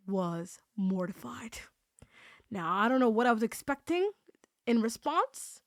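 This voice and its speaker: A woman podcast host telling a story in a casual, excitable way, acting out the dialogue she recounts. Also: a little high, moderate pace, no room sound, studio quality. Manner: animated, excitable, acts out quoted dialogue.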